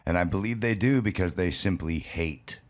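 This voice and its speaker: Deep-voiced man, measured commentary. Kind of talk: opinionated commentary.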